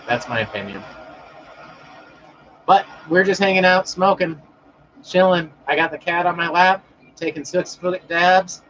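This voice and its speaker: A man's voice: fairly high pitch, unhurried, pauses often, a bit bright, dull audio, slight background noise. Laid-back man chatting on a stream. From Denver, Colorado. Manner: laid-back, rambling, answers chat by name. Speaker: livestream host reading chat. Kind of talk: casual livestream chat. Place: home, indoors.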